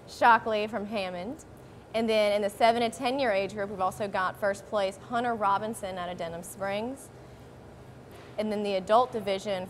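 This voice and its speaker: A woman's voice: mid-range voice, a little hiss or hum. Woman, results reader, careful and hesitant on names. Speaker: tournament reporter. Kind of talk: reading results.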